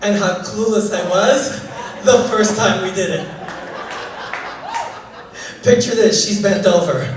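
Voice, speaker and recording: A man in his thirties from Canada performing a stand-up comedy set, animated and joking, building to loud punchlines. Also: high-pitched, slow pace, pauses often, distant mic, background noise. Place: comedy club stage. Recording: echoey club recorded from afar.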